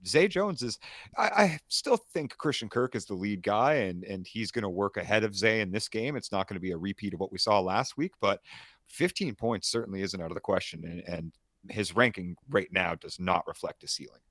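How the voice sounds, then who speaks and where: A man co-hosting a casual fantasy football podcast, from Canada, walking through player stats in an energetic breakdown. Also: lowish voice, a little fast, dry recording, clean studio sound. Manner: stat-heavy, energetic breakdown. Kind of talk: casual sports podcast analysis.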